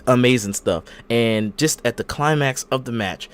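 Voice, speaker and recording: A man hosting a podcast in casual chat, retelling events in an animated way and acting out the quotes. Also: mid-range voice, moderate pace, soft background music. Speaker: podcast host.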